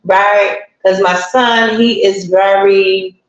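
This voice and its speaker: A woman's voice: mid-range voice, steady tone, slow. A woman hosting a live stream, telling a story in a chatty, colloquial way and greeting viewers as she goes. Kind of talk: casual storytelling to live chat. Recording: very echoey room, dull lo-fi sound.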